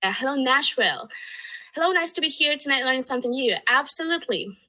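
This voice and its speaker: Upbeat woman hosting a webinar, high voice. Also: lively intonation, a little fast, bright, forceful tone, rough recording. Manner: upbeat, reads chat messages aloud. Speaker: webinar host. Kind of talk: live webinar hosting, greeting chat.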